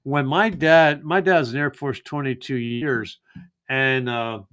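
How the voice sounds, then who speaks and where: A man's voice: mid-range voice, fairly even intonation, a little slow, a bit bright, clear, resonant tone. A middle-aged man hosting a live genealogy show, chatting casually with lots of fillers and restarts. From United States. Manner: rambling, many fillers and restarts. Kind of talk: casual live-stream chat.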